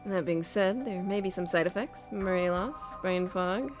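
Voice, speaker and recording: A woman voicing a calm, smug man who is interrogating a drugged captive, speaking in a measured, coolly polite way. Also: medium pitch, music in the background, pitched below the performer's own voice, natural voice.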